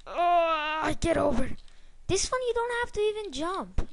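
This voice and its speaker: Young female let's-player, high-pitched, slow drawl, excitable and foul-mouthed. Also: a little hiss or hum. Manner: excitable, swears, talks to the game. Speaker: gameplay commentator. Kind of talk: casual let's-play commentary.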